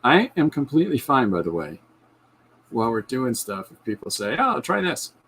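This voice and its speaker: A man's voice: medium pitch, sing-song, moderate pace, slight background noise, low-quality recording. A man hosting his own podcast, chatting casually and enthusiastically about his comic ideas in a rambling way with frequent restarts. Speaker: podcast host and comic artist. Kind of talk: casual livestream chat.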